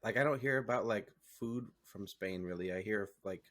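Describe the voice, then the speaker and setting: A man's voice: lowish voice, moderate pace, fairly bright tone. A man co-hosting a podcast in casual chat, rambling and starting over as he talks. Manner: rambling, filler-heavy, self-interrupting. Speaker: podcast co-host.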